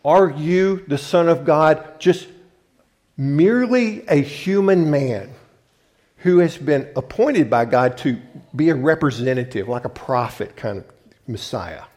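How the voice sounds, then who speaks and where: A man's voice: fairly high pitch, expressive, measured pace, darkish tone. A man preaching a sermon, emphatic and often restarting to rephrase his point as he urges listeners to look and listen. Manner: restarts and rephrases mid-thought. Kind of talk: sermon teaching from scripture.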